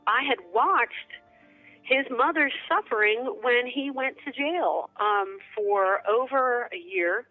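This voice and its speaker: A woman giving a reflective, halting personal testimony, breaking into soft laughs between thoughts. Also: mid-range voice. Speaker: interviewee. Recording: tinny phone line.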